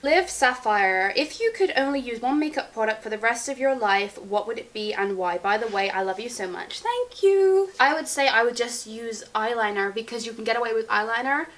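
Chatty young woman, bright pitch. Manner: chatty, giggly, rambling. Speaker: beauty vlogger. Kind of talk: casual Q&A chat.

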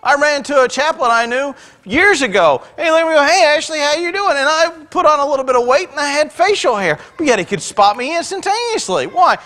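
A man with a strikingly high voice preaching a conversational sermon. He retells scripture in everyday words and drops in joking asides, speaking from the pulpit of a church. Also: lively intonation, brisk, few pauses, bright, forceful tone. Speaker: pastor. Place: church sanctuary.

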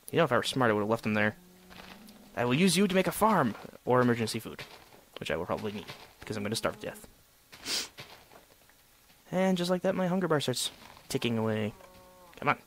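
A young man narrates his solo gameplay in a chatty, sarcastic ramble, scolding and coaxing the objects around him. His voice sits at an ordinary middle pitch. He is recorded close on a desk microphone. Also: a bit bright. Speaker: gamer.

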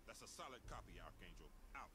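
An actor playing a gruff male soldier who reports in clipped military radio talk, in a video game. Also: on the low side, big pitch swings, fast talker. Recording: game audio under loud gunfire noise.

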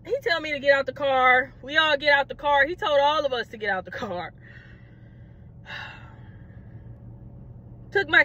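Brief: young woman, high and bright voice, dramatic, animated storytime delivery. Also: dull audio. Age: young adult. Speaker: vlogger. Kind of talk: casual storytime.

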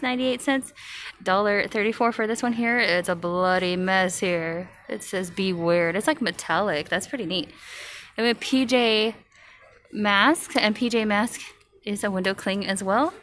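Woman vlogger, casual store walkthrough, chatty price listing, mid-pitched voice, faint store hum. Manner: chatty, listing prices, cooing over cute items. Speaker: shopping vlogger. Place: large retail store aisle.

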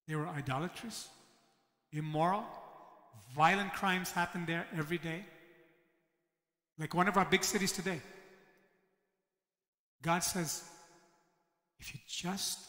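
Man, pastor, preaching a sermon, high voice, acts out quotes, echoey church hall. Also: bright, forceful tone. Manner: preaching with acted-out quotes of God and Jonah.

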